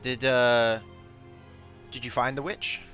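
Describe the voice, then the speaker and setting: A man's voice: mid-range voice, flat delivery, slow pace, a bit bright, soft background music. A man playing a tabletop game, asking probing questions in character, in a dull lo-fi recording. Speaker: player.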